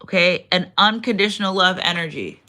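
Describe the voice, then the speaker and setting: A woman's voice: lowish voice, fairly quick, bright, forceful tone. A woman giving a casual spiritual card reading, chatty and repetitive. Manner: chatty, repeats phrases, reads out affirmations. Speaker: tarot card reader.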